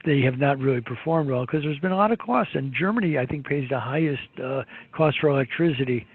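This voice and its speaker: A man's voice: medium pitch, a little fast, slightly rough. A man giving rambling, opinionated market commentary, full of fillers and restarts. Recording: tinny phone-like line.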